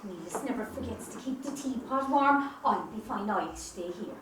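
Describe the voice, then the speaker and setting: A woman's voice: medium pitch, animated, moderate pace, close to an everyday voice. A woman playing a firm, spirited countrywoman in an amateur stage play, heard from far off on an echoey stage. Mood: gentle. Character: proud, firm young Irish countrywoman. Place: theatre stage. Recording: echoey stage recorded from far off with faint hiss.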